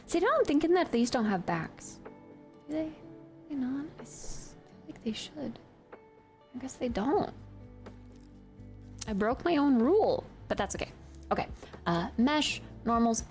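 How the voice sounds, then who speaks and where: A woman's voice: fairly high pitch, vocal fry, a little mellow. Chatty, giggly woman streamer. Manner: chatty and giggly, with many fillers. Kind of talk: casual chat while 3D modeling.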